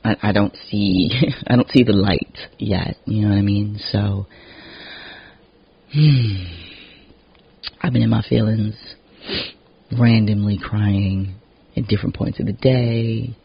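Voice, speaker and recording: An emotionally exhausted man speaks in a casual, unscripted monologue, husky and fairly low in pitch. He talks slowly and frankly, swearing freely and leaning on "you know" between thoughts. The recording sounds dull and lo-fi. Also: steady tone.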